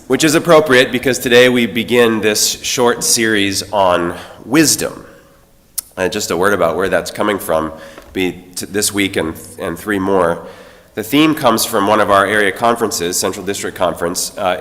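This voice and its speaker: A middle-aged man, the pastor, giving a sermon with gentle humor and slow, poetic passages. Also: sits low. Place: church sanctuary. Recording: long church reverb.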